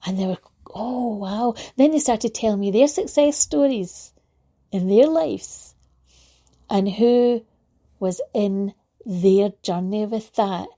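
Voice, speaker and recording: Woman speaker, motivational talk, storytelling delivery, dark slightly gravelly tone. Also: medium pitch, slow. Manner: warm anecdotal storytelling, laughs lightly.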